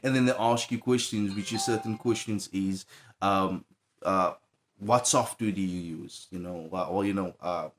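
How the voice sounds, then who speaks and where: A man's voice: low voice, normal speed, a little hiss or hum. A man, a music producer guest, speaking earnestly and reflectively, with hesitations. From South Africa. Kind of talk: casual interview.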